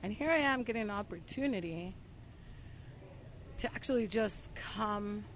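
A woman guest telling a personal story in casual conversation, full of "like" and restarts, getting louder and quicker as she gets excited. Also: mid-range voice, gravelly, slight background noise. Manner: filler-heavy, talks with 'like', gets louder and faster when excited. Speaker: podcast guest.

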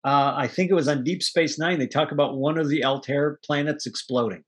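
A man chatting casually as a podcast co-host, animated, acting out lines from a film and laughing often. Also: on the high side, fairly quick, husky. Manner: animated storyteller, acts out movie quotes, laughs often. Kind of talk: casual chat.

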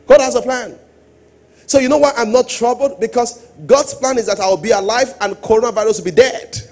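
Male pastor, husky high voice, sermon delivery that drops to quiet asides and rises to sung-out calls. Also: fairly even intonation, a little fast. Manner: swings between soft asides and loud sung-out exhortation.

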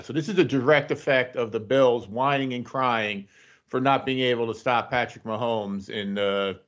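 A man's voice: mid-range voice, fairly even intonation, moderate pace, fairly bright tone, lo-fi sound. A man co-hosting a sports podcast, chatting casually with laid-back, agreeable banter. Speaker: podcast co-host.

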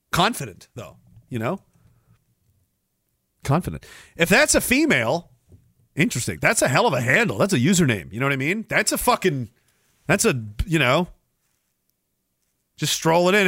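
Swearing heavily and laughing often, a man from Canada rants sarcastically while hosting a livestream podcast and chatting with viewers. He has a husky, somewhat bright voice on the high side, captured in a clean studio with no room sound.

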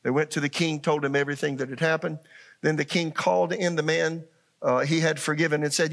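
A middle-aged man preaches with a gravelly, slightly high voice. He keeps the congregation engaged with questions and acts out the people in his stories. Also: fairly even intonation, a little fast, a bit bright. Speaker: pastor. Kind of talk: sermon.

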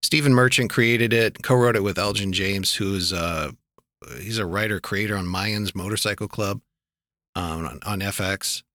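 A man's voice: lowish voice, normal speed, pushed and bright, dry recording, studio quality. A man hosting a casual talk show about TV, rambling with lots of fillers and wry asides. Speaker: podcast host reviewing TV shows. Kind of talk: casual chat.

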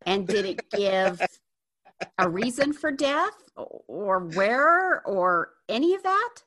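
A woman's voice: medium pitch, very animated, slow pace, pushed and bright. A woman interviewer asking curious questions.

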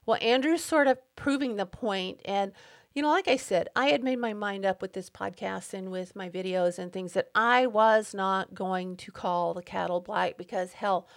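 A woman's voice: mid-range voice, moderate pace, gravelly. A middle-aged woman hosting her own podcast, speaking an emphatic, indignant personal monologue and getting worked up as she talks. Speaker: podcast host.

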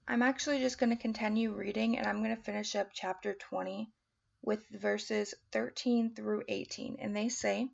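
A woman's voice: mid-range voice, steady tone, moderate pace, vocal fry, breathy edge, highs cut off. A woman who reads verses aloud steadily and then reflects on them in loose, casual talk, leading a Bible study. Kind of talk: scripture reading and personal reflection.

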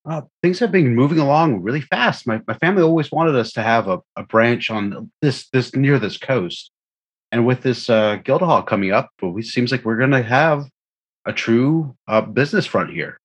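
A man voicing a friendly male merchant at a dinner, speaking in a relaxed way. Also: mid-range voice, normal speed, breathy edge.

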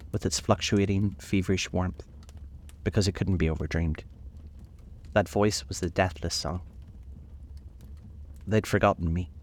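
Deep-voiced man reading a novel aloud. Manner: measured, reflective, slows on key passages. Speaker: narrator. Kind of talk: audiobook reading of a classic novel.

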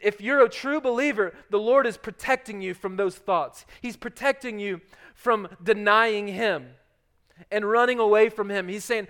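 High-voiced man preaching a sermon. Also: normal speed. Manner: swings from loud urgent preaching to hushed, soft passages. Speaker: pastor.

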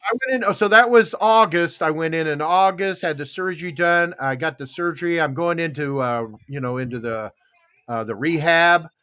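Here an older morning-show host on internet radio spins a long personal tale in casual conversation, acting out what others said. His voice is on the high side, moderately paced, pushed and bright, with a clear, resonant tone.

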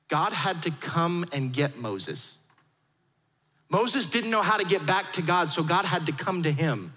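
Animated high-voiced male pastor preaching. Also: long reverb tail. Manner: animated, acts out quoted voices. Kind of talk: sermon.

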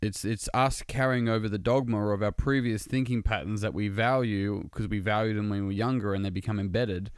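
Man, clear resonant voice, dry close sound, earnest casual monologue, occasional swearing. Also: lowish voice, fairly even intonation, a little fast, hardly any pauses, no echo.

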